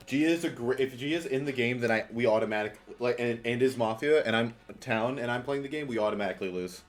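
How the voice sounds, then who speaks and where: A man with a mid-range voice talks fast while streaming a party game live. He chats casually, rambling and poking fun at himself, often starting sentences over. Faint music plays in the background.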